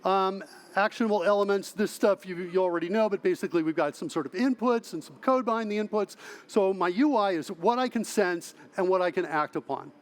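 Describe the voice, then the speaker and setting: A man with a fairly high voice presents a technical talk at a conference. He talks in a lively way, keeps checking in with his audience, and often restarts his phrases. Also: brisk. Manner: lively, asks audience "right?" often, self-correcting restarts. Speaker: conference speaker. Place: large conference hall.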